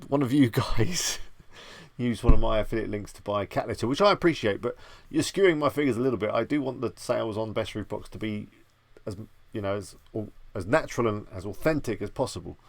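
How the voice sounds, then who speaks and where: Gravelly-voiced man hosting a live stream. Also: mid-range voice, fast talker, no room sound. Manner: rambling, easygoing, chatty with viewers. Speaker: livestream host. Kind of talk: casual live-stream chat.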